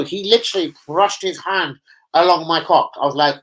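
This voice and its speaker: A young man running a football fan reaction stream. He rambles loosely, swears freely and drops slang as he talks to his viewers. His voice sits a touch above the usual pitch for a man. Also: expressive, moderate pace, vocal fry, a bit bright, rough recording. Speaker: football fan channel host. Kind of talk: casual live-stream reaction chat.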